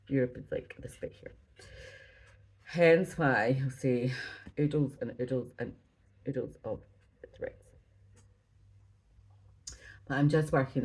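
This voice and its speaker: A Scottish cross-stitch vlogger chats at home about her stitching projects, rambling, apologizing often, and sounding slightly out of breath. Her voice rumbles low with a dark tone, and the audio is poor.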